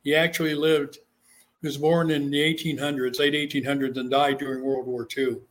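Animated storytelling man, slightly high voice. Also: a little fast. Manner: animated, acts out the voices in his stories. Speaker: author and interview guest. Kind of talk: storytelling in an interview.

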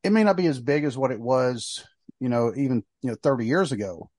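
A man's voice: medium pitch, lively intonation, a little fast, darkish tone, no room sound. A man hosting a wrestling podcast, talking casually with frequent fillers and restarts. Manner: rambling, fillers, trailing off. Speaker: podcast host. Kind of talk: casual chat.

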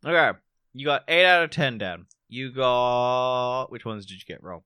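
A man's voice: medium pitch, sharp tone, clean tone, no echo, studio quality. A man co-hosting a podcast, playfully reading out quiz questions and silly answer choices. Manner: playful, jokey, reads options with comic pauses. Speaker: podcast co-host, quizmaster.

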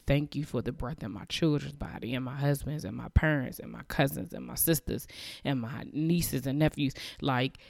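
A woman in her thirties hosting a podcast, talking earnestly and emotionally, with halting restarts and repeated phrases. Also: very deep voice, gravelly, darkish tone, no room sound, studio quality. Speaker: podcast host. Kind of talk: heartfelt faith-based podcast monologue.

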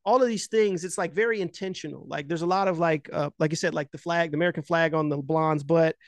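A man in casual chat retelling a film scene. He rambles with constant filler words, swears freely, and gets animated as he goes. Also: a little high, quick pace, dry recording.

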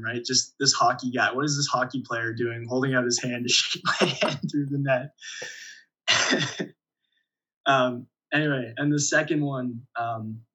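A young man talks through his playing days in a relaxed interview, chuckling as he goes. His voice is bright and a little husky. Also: mid-range voice, rough recording. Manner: relaxed storyteller, many restarts and chuckles. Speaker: volleyball player guest. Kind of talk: casual interview storytelling.

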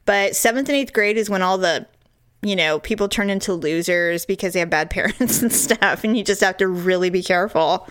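Woman, forties, casual chat, candid, swears freely, smooth voice. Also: medium pitch, brisk, no room sound, studio quality.

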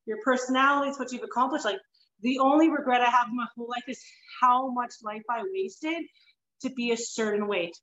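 A woman hosting a podcast interview over an online call, animated and blunt, swearing freely and going off on rambling asides. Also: on the high side, fairly quick, echoey room, muffled recording. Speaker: podcast host. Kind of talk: casual interview chat.

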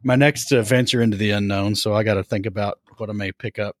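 A man hosting a hobby podcast, chatting casually in a relaxed, unhurried way with frequent fillers. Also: fairly low pitch, dry recording, clean studio sound. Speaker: podcast host.

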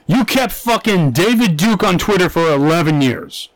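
A man's voice: high-pitched, expressive, moderate pace, few pauses, dry recording, low-quality recording. A young man co-hosting a comedy podcast, ranting and swearing freely. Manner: ranting, profane, riffing. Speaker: podcast co-host. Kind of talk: crude comedic chat.

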